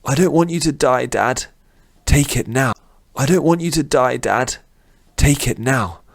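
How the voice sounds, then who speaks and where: A man's voice: medium pitch, a little slow, creaky, no echo, pitched above the performer's own voice. Man doing a desperate young hero. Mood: pleading. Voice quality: strained and pleading. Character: anguished young male hero.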